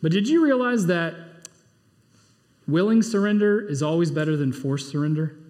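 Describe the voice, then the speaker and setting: Man, pastor, sermon, high voice, emphatic bursts and hushed asides, long hall reverb. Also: normal speed. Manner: animated preaching, swinging between loud emphatic bursts and low quiet asides.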